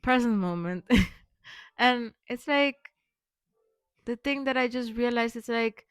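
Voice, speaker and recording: A woman's voice: a little high, slow pace, smooth, dry recording. Rambling young woman vlogger, dry close sound. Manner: rambling, lots of fillers and restarts, affirming. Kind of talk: rambling personal vlog.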